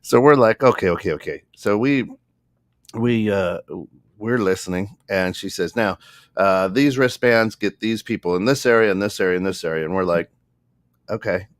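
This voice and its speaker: A man with a low voice tells a story on a podcast in a relaxed, chatty way. He acts out the people in the story as he goes. The sound is dry and close. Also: moderate pace, no room sound. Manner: animated, acts out the other people in his story. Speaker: podcast co-host. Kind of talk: casual storytelling.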